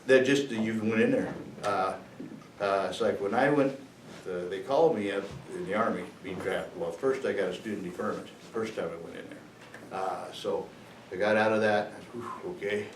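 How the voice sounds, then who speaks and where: A man in his sixties telling war stories to students in a rambling, halting way with chuckles. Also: on the low side. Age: 60s. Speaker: veteran speaker. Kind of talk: storytelling to students. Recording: echoey room, distant mic, faint noise.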